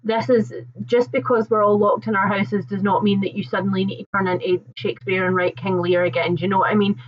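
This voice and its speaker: A woman's voice: mid-range voice, little pitch movement, fast, highs cut off. A young woman hosting a casual live chat, telling stories in a rambling, chatty way and laughing often. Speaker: livestream host.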